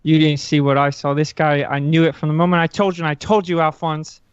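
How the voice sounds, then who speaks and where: A player in a tabletop role-playing game, talking in a brash, excitable way and stumbling over words. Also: medium pitch, a little fast, smooth, dry recording, dull audio. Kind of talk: in-character tabletop role-play.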